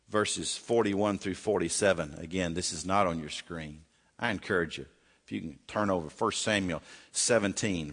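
A male pastor preaching a sermon, swinging dramatically from shouting to near whisper. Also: low-pitched, long reverb tail.

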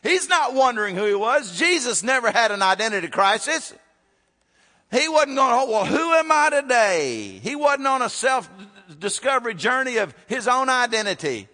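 A man preaching a sermon. He swings from loud to hushed and asks rhetorical questions, with long hall reverb. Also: extremely high pitch, lively intonation, moderate pace.

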